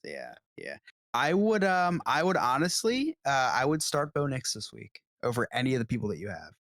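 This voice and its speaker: A man's voice: mid-range voice, huge pitch swings, normal speed, a bit bright, no echo. Dry-sounding opinionated man talking football. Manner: enthusiastic, opinionated, joking. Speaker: podcast co-host. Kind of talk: casual fantasy football chat.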